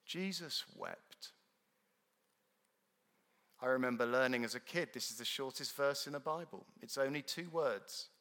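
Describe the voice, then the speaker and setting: Earnest preacher in a ringing hall. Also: male voice, medium pitch, brisk, hardly any pauses. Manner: earnest, emphatic, swings from loud to hushed. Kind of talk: sermon. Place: church. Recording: long reverb of a large hall.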